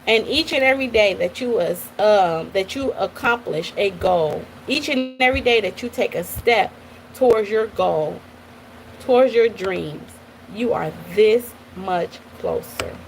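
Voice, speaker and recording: A woman hosting a motivational live stream, telling stories in an animated way and talking straight to her listeners. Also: medium pitch, unhurried, a little hiss or hum, poor audio. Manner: animated, addresses listeners as y'all, repeats okay. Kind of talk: motivational storytelling talk.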